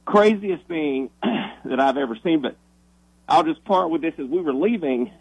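A man who is a minister, telling a story on the radio in an animated, excitable way, often restarting his sentences. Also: a little high, moderate pace, slightly rough, no echo, rough recording.

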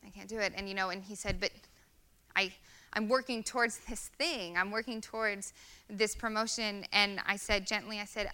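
A woman's voice: medium pitch, steady tone, moderate pace, bright, forceful tone, smooth. A woman in her thirties giving an earnest, conversational sermon with many fillers. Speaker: guest speaker.

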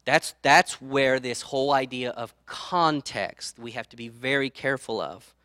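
A man's voice: medium pitch, measured pace, pushed and bright, smooth, no echo, clean studio sound. A man preaching a sermon as pastor, conversational, checking in with the congregation and acting out quoted voices. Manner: conversational, tag questions to the audience; acts out quoted speech.

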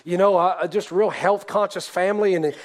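A man preaching a sermon, telling a testimony story in an earnest way that swings from hushed to loud. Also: high-pitched, fairly even intonation, moderate pace.

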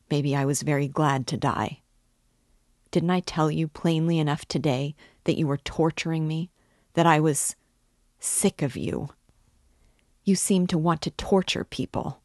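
A woman's voice: low voice, steady tone, unhurried, a little mellow, dry recording, studio quality. A woman reading aloud, voicing a sick, irritable young man who bitterly pleads to be left alone. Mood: bitter pleading. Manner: bitter, pleading, pushing the friend away.

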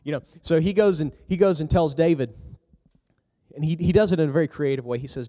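A man giving a youth sermon in a lively, storytelling manner, acting out the characters as he talks. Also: a little fast. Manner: animated, acts out characters with big pitch jumps. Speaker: youth pastor. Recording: long hall reverb.

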